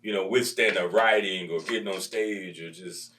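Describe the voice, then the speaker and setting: A man's voice: low voice, normal speed, far from the mic. A male comedian telling a story from his career in casual talk, acting out the people in it. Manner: animated, acts out voices in his stories. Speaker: comedian guest.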